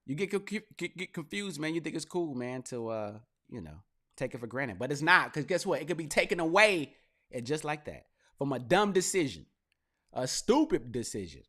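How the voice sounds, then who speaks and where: A young man hosting his own podcast, talking casually and with energy, swinging into loud, laughing mock rants. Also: on the high side, big pitch swings, moderate pace. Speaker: podcast host. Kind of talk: casual commentary monologue.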